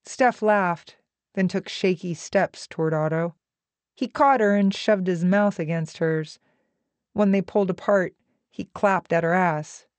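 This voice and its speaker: A woman narrating a novel in a slow, measured, even reading voice. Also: lowish voice, no echo. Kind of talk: audiobook narration.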